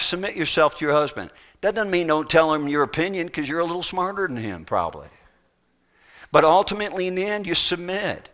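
Male preacher, slightly high, bright voice; folksy, emphatic sermon with loud-soft swings. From United States.

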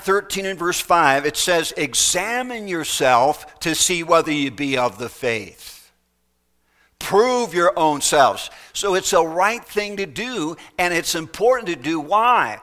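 A man preaching a sermon, leaning on folksy illustrations and emphatic pauses. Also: fairly high pitch, animated, sharp tone.

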